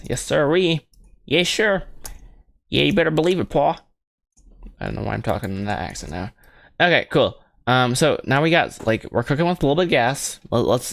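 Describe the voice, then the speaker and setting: A man's voice: mid-range voice, no echo. A man talking casually while he works at a computer, rambling and joking at his own expense. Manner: rambling, self-mocking, jokey asides to himself. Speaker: animator streaming his film work. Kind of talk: casual thinking-aloud commentary while modeling.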